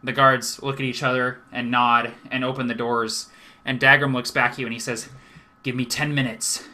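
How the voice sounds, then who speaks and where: A man's voice: mid-range voice, flat delivery, a little fast, bright, forceful tone. A man acting as game master, casually narrating and voicing side characters.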